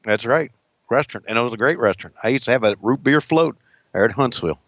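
A man's voice: medium pitch, expressive, fast talker, fairly bright tone, no echo, lo-fi sound. A man in his sixties co-hosting a podcast, chatting casually and laughing over old wrestling footage. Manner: laughing, easygoing, folksy. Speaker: podcast co-host.

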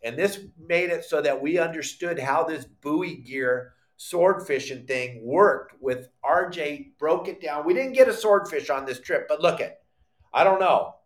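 A middle-aged man hosting a live fishing podcast, telling a story with lively acted-out quotes and bursts of shouting. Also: on the high side, a little slow. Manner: animated storyteller, acts out quotes, shouts when excited. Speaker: podcast host.

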